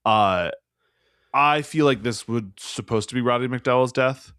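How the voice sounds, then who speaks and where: A man's voice: mid-range voice, measured pace, fairly bright tone, smooth, no echo, clean studio sound. A man co-hosting a podcast, recapping a film in casual, jokey chat full of fillers. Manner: rambling, jokey, many fillers. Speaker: podcast co-host.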